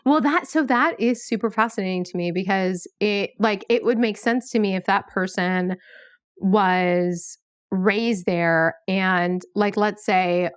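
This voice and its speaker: A woman's voice: mid-range voice, measured pace, clear, resonant tone, no room sound, studio quality. Chatty woman podcast host. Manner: chatty, filler-heavy with lots of "like", animated asides. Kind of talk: casual conversational interview.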